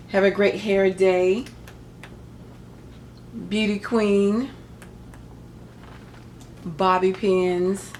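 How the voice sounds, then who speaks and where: A woman's voice: lowish voice, a little hiss or hum. A middle-aged woman chatting casually through a craft paper haul, rambling with joking asides. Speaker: crafting vlogger. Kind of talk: casual haul show-and-tell.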